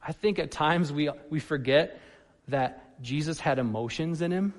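A man delivers a sermon in a church hall, his voice sitting high for a man. He swings between loud, animated emphasis and soft, quiet asides. A long reverb trails his words. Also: measured pace. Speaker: pastor.

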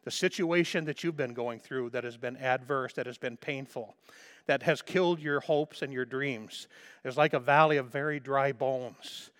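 A man's voice: mid-range voice, moderate pace, fairly bright tone. A man preaching a sermon as a pastor, fervent and emphatic, repeating phrases for emphasis.

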